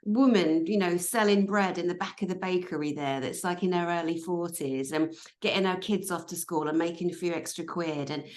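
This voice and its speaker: A woman's voice: lowish voice, fairly even intonation, a little fast, few pauses, a little mellow. A woman co-hosting a chat show, talking in an emphatic way with some hesitations. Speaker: co-host, medium. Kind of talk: casual chat.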